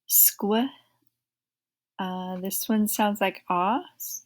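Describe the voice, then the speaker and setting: A woman teaching a first-grade phonics lesson, sounding out each blend slowly and repeating every word several times. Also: medium pitch, fairly even intonation. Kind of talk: phonics lesson for young children.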